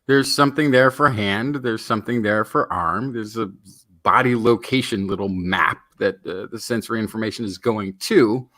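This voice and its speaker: A man co-hosting a science podcast, adding his own explanations in an animated, playful way. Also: on the low side, moderate pace. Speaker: podcast co-host. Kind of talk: casual science podcast chat.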